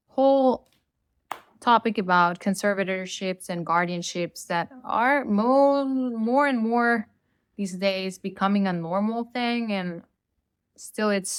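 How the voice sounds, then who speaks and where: A woman's voice: mid-range voice, slow, fairly bright tone, smooth, no room sound. Blunt Latina woman ranting, dry sound. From Latin America. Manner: blunt, opinionated ranting with casual swearing. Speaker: podcast host. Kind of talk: solo rant podcast.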